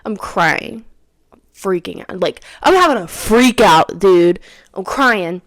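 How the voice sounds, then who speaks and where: Animated young woman podcaster, dry sound. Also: medium pitch, slow, no echo. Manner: animated, dramatic retelling with sudden whispers and cries; repeats phrases for emphasis, says "dude" and "girl". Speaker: podcast host. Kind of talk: casual storytelling chat.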